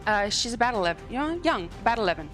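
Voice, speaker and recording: A woman narrating a tabletop game as dungeon master, animated and quick to laugh. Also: a little high, faint music behind. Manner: giggly, animated.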